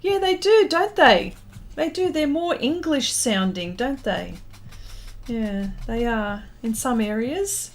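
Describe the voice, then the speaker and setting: A slightly high, animated, slow-speaking woman, this Australian pastel artist paints live while chatting casually with viewers, thanking them and reading their comments out.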